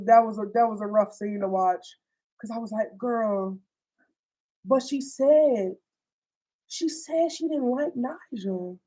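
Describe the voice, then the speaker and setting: A young woman casually recapping a TV series, animated and slangy, swearing freely and acting out the characters' lines. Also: on the high side, low-quality recording. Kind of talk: casual storytime chat.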